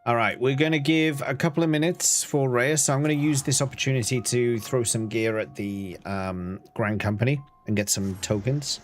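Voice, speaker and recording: A man's voice: mid-range voice, normal speed, hardly any pauses, soft background music. A man streaming a video game, chatting casually, reading out and answering chat with playful asides. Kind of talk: casual live-stream chat while gaming.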